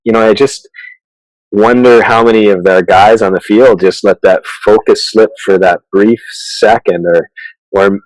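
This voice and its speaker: A man, a chiropractor, telling stories in a casual interview, halting with many restarts and fillers. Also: fairly low pitch, fairly even intonation, no room sound, low-quality recording. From Canada. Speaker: chiropractor guest.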